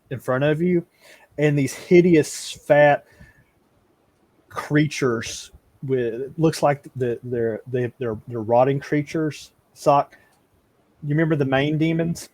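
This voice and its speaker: Halting man running a tabletop game. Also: on the high side, a little mellow, no echo. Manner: halting, repeats words, laughs often. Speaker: game master. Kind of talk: narrating a tabletop game over voice chat.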